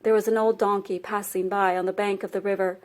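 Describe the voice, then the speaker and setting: A woman reading a spiritual text aloud, telling a fable in a measured storytelling manner. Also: medium pitch, flat delivery. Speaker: reader.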